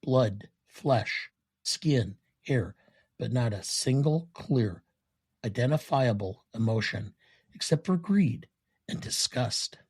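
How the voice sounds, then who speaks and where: A man reading as Patrick Bateman, husky and smug. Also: medium pitch, expressive, takes it slowly, darkish tone. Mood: cold. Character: vain male yuppie killer, smug and cold. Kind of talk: reading film quotes aloud.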